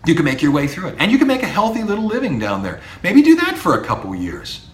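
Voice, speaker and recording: Middle-aged male professor hosting an advice podcast, blunt and expressive, recorded in a roomy, echoey space. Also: fairly high pitch, fast. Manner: animated, blunt, talks straight to students with rhetorical questions. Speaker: university professor and podcast host. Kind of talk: direct-address advice podcast. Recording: echoey room.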